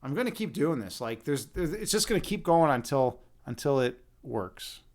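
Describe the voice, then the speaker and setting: A man's voice: medium pitch, sing-song, moderate pace. A man hosting a live stream, chatting casually and playfully with viewers, often repeating and restarting his words, speaking close to the microphone. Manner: playful, laughs at himself.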